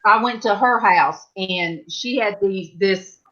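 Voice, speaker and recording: A woman's voice: mid-range voice, slow pace, crowd noise. Rambling middle-aged woman on a dull call line. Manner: rambling storyteller, trails off with fillers and restarts. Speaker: host of a live panel chat. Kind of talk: casual chat.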